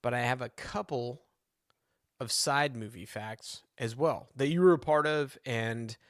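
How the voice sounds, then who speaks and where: A man co-hosting a podcast in casual chat, relaxed and teasing. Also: medium pitch, a little slow, dry recording, clean studio sound. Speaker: podcast co-host.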